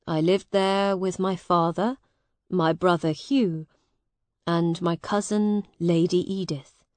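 A woman voicing a kind, tired young soldier in a storybook reading, gentle and patient. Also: lowish voice, fairly even intonation, slow, dry recording.

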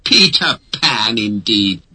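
A narrator voicing a blustering, exasperated Victorian father who shouts at his children. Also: medium pitch, huge pitch swings, moderate pace, husky, no room sound, pitched above the performer's own voice. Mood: angry shouting.

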